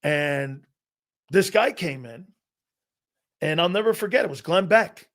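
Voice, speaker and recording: His pitch is fairly high and his pace unhurried as this middle-aged Connecticut man runs a live sports talk show. He recounts personal stories animatedly and with emphasis, cursing freely along the way.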